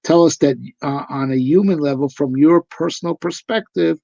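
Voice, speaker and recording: A man's voice: a little high, moderate pace, creaky, mellow, no echo. A male rabbi giving a live, conversational discourse on Torah, emphatic and full of rhetorical questions. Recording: dull lo-fi recording.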